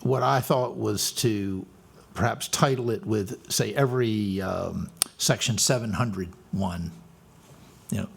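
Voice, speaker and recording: Gravelly man explaining procedure. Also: on the low side, takes it slowly. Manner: explains procedure in plain steps. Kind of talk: meeting discussion.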